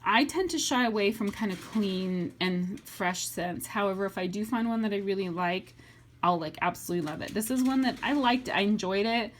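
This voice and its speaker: A woman's voice: mid-range voice, normal speed. A woman reviewing wax melts in a casual, chatty vlog, enthusiastic and full of fillers. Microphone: webcam or phone mic.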